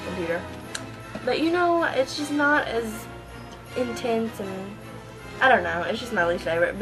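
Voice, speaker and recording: A woman's voice: mid-range voice, low-quality recording. Casting: teen girl vlogger, chatty and rambling, webcam mic, faint music under. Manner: gushing, rambling with many ums and likes. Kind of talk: casual chat. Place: at home in front of a computer.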